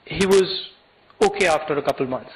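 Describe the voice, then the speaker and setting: A man with an Indian English accent addresses a hall of students. His voice sits high for a man. He tells a story earnestly, often restarting phrases and acting out the people in it. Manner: earnest, halting delivery with restarts and quoted dialogue. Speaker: guest speaker addressing college students. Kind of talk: public speech, personal storytelling.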